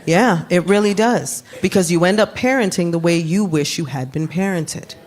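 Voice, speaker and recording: A woman in her thirties doing stand-up comedy, telling stories in a brash, punchy, animated way on a club stage. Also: lowish voice, moderate pace. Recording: live club with noisy audience.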